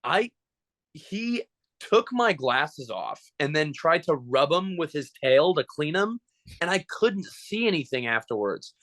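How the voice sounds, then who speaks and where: A man who performs as a mascot, telling animated, joking stories in a casual interview. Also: fairly high pitch, unhurried, dry recording, poor audio.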